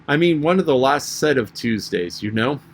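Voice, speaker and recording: A man's voice: mid-range voice, expressive, normal speed, creaky. A man reading an audiobook and voicing the White Queen, an anxious, scatterbrained queen with a fussy, rambling manner.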